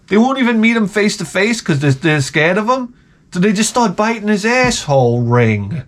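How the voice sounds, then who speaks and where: A man hosting his own vlog, telling a crude comic story in a rambling way with loud outbursts. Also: sits high, sing-song, a little slow. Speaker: vlog host.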